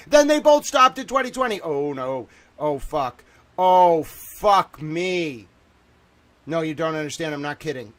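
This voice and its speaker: A man's voice: fairly high pitch, fairly bright tone. A man in his thirties hosting a livestream, panicked and swearing, exclaiming and repeating himself as he talks to his viewers. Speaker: livestream host. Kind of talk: agitated livestream monologue.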